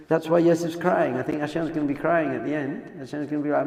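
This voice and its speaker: Animated rabbi with heavy hall echo. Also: male voice, fairly high pitch, fast, gravelly, hardly any pauses. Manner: animated, swings between hushed and loud exclamations. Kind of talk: Torah class. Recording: echoey hall sound effect.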